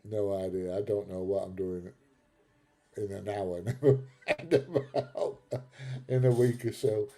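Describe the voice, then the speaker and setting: Speaking in a deep, dark-toned voice at normal speed and with fairly even intonation, a middle-aged British man hosts a live stream. He chats casually through viewer comments, laughs often and calls people mate, in a British English accent.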